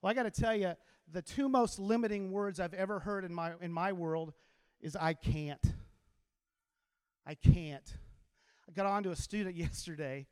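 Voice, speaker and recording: A teacher with a notably high voice gives an animated, story-driven inspirational talk to a live crowd, getting them to repeat his lines. His brisk, smooth delivery rings with the long reverb of a large hall.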